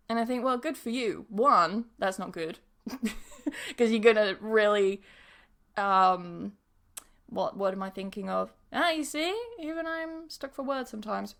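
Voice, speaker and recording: A woman's voice: medium pitch, unhurried, a bit bright. A woman in her thirties from Yorkshire with a mixed Yorkshire accent, chatting frankly on her podcast as an English teacher and laughing often. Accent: Yorkshire English, mixed with some Bristol. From Yorkshire, England. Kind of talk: casual podcast monologue.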